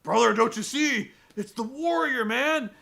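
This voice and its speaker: A man doing a frantic yelling wrestler. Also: very high-pitched, measured pace, gravelly, voice pushed up, heavily acted. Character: ranting wrestling star, adult man, frantic and paranoid.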